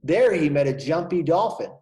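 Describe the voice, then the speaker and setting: A man, a kindergarten teacher, reading a picture book aloud to young children and pausing to point out the pictures. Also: fairly high pitch, lively intonation, mellow.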